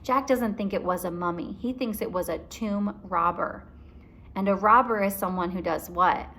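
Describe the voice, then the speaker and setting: A woman teacher reading a story aloud to children, explaining it slowly and expressively. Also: mid-range voice, a bit bright, a little hiss or hum.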